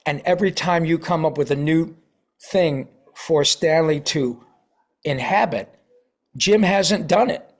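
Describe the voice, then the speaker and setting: A middle-aged man in a casual interview, telling a story with lively asides and acted-out quotes. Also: a little high, a little slow. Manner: animated, acts out quoted voices. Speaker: voice actor guest.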